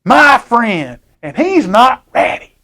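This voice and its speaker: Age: young girl voiced by a man. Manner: earnest, insistent. Pitch: high. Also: sing-song, slow pace, sharp tone, heavily acted. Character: young girl defending her snowman doll.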